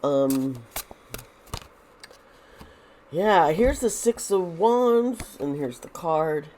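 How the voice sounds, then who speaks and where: A woman's voice: low-pitched, expressive, extremely slow, dark tone. A woman hosting a casual tarot reading, thinking aloud with many restarts and sounding a bit nervous. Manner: nervous, uneasy. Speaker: tarot reader and video host.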